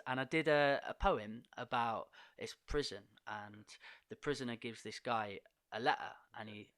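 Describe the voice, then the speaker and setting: A man, a podcast guest who is a poet and coach, telling a story in a casual, animated way and laughing often as he goes. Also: mid-range voice, clean tone, no room sound, clean studio sound.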